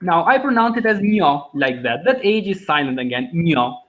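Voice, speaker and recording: A man's voice: high-pitched, very animated, normal speed, a bit bright, rough recording. A man teaching a language over a video call, patient and encouraging, explaining step by step. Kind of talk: online class teaching.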